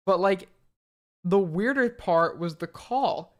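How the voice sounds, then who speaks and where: A man's voice: high-pitched, takes it slowly. Sarcastic man reacting casually. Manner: animated, sarcastic, swears freely. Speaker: commentary host.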